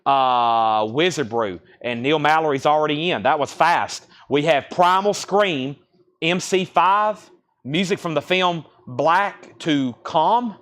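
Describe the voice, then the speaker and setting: A man hosting a live vinyl record sale stream, briskly repeating prices and bidder names. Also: a little high, a bit bright. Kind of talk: live auction sales stream.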